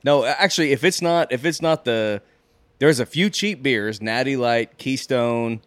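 A man's voice: medium pitch, normal speed, no room sound. A middle-aged man in a casual podcast chat, telling stories with frequent laughter. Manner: laughing, animated storyteller.

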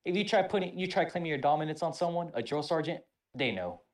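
Brief: male podcast co-host, animated and profane, casual storytelling. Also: fairly high pitch, fast talker.

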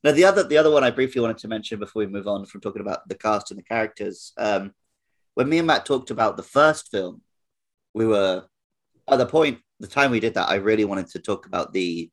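Low-voiced man hosting a podcast. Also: expressive, brisk. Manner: casual, points things out with "like" and "um". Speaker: podcast host. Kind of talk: casual podcast discussion.

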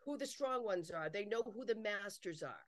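A woman speaks in a relaxed interview chat, her voice sitting at a middle pitch. She presses her points by repeating short phrases and slips into quoted voices. The sound is dry and close, with no room around it. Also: moderate pace, no room sound. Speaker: psychic medium guest.

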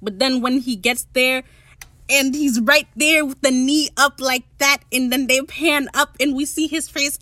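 Excitable teenage girl gushing about a show. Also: high voice, unhurried, no echo. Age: late teens. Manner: excitable, gushing, swears freely, laughs often. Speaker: TV show recap host. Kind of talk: casual TV episode recap.

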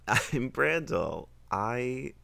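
A man's voice: medium pitch, big pitch swings, drawn-out words, gravelly, bright, forceful tone, dry recording. A man playing in a tabletop podcast, blunt and teasing in casual chat. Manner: blunt, teasing, bursts of laughter. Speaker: podcast player.

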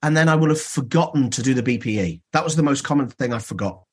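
A dentist being interviewed on a podcast, telling stories in an animated way and acting out dialogue. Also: male voice, mid-range voice, quick pace, breathy edge.

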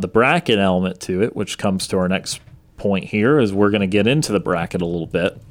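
Low-voiced man talking sports casually. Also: clean tone. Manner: conversational, thinking aloud. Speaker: sports talk show host.

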